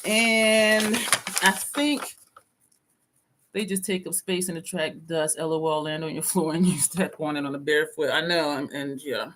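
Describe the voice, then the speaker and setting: A woman's voice: sits low, unhurried, a bit bright, a little hiss or hum. A woman vlogger chatting casually on a live stream from her home desk, talking to viewers by name and reading their comments aloud.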